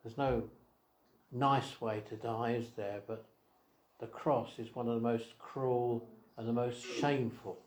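A man preaching an evangelistic sermon, asking rhetorical questions and swinging between quiet asides and raised emphasis. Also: medium pitch, fairly even intonation, a little slow, a little hiss or hum. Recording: echoey hall.

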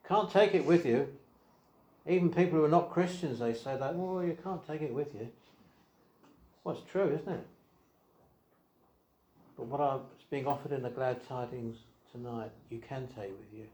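A man preaching an evangelistic sermon, asking rhetorical questions and swinging between quiet asides and raised emphasis. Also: medium pitch, normal speed, long pauses. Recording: echoey hall.

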